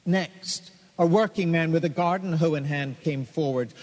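A man narrates a story with a steady, expressive delivery. His voice sits fairly high for a man. A long, hall-like reverb hangs behind every line. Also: moderate pace, hardly any pauses.

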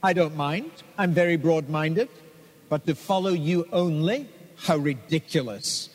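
A haughty, dismissive bearded guru, smug and lofty in tone, read by a man. The voice is fairly high for a man and echoes with a long reverb. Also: unhurried.

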